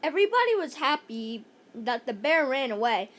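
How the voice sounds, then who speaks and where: A woman's voice: high voice, big pitch swings, normal speed, fairly bright tone. A woman reading a children's chapter book aloud in a playful way, with jokey asides. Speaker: narrator.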